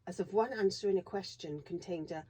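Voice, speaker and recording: A woman reading a classic children's novel aloud in a steady, expressive narration. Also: on the low side, brisk, slightly rough. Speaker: reader. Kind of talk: storybook read-aloud narration.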